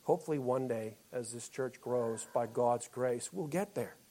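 Preacher swinging from loud to hushed. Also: male voice, mid-range voice, moderate pace. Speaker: pastor. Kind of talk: sermon.

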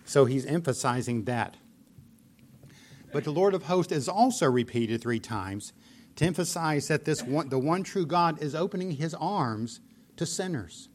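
A man's voice: fairly high pitch, animated, measured pace. A man preaching a sermon, explaining scripture earnestly and pressing points with emphatic repetition. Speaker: pastor.

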